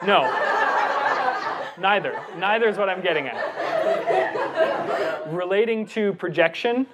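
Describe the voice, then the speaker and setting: A man's voice: sits high, lively intonation, unhurried, highs cut off, over a noisy crowd, heavy background noise. A man giving an interactive workshop talk to students, upbeat and quizzing his audience. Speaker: presenter coaching students. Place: classroom.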